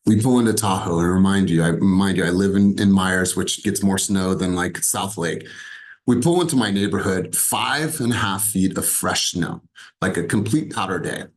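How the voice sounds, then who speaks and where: A man's voice: sits low, normal speed. A middle-aged man, a sales coach, telling a personal story to a coaching group in an earnest, emphatic way, repeating key phrases for weight.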